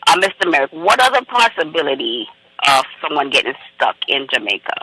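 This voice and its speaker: A friendly male caller speaks over the phone, joking with the host before asking his question. His voice sits high for a man and comes through very bright and sharp. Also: big pitch swings, fairly quick, breathy edge, no echo, low-quality recording. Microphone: phone call.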